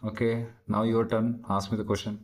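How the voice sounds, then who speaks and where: A man practicing spoken English in conversation, halting and searching for words, with many restarts. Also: lowish voice, little pitch movement, poor audio. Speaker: English learner practicing speaking.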